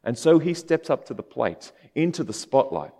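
A man gives a sermon in an easygoing, chatty manner, full of casual asides. His pitch swings widely as he talks. The voice carries a long reverb, as if from a church hall. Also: normal speed. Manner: conversational and animated, with casual asides. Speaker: preacher.

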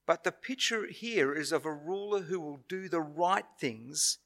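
A man with an Australian accent preaching a sermon in a church, earnest and measured, with pauses and self-corrections. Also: on the high side, lively intonation, creaky, a bit bright.

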